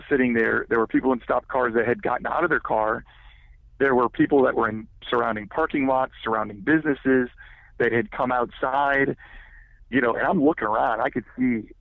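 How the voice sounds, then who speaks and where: A man recounts a personal story on a podcast, circling back on himself and filling gaps with stock phrases. His voice has a gravelly, creaky edge. It comes through a narrow, tinny, phone-like line with a dry sound. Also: medium pitch, no echo. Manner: rambling, heavy with filler words. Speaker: guest.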